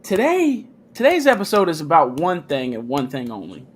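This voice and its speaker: A man hosting a casual comics livestream, talking in an animated, slangy, hyped way. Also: a little high, normal speed. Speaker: host.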